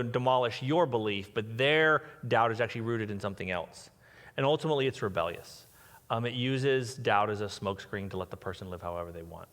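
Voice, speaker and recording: A man's voice: medium pitch, fairly bright tone. A man preaching a conversational sermon as a pastor, thinking aloud with restarts and fillers. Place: large church hall. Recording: reverberant hall.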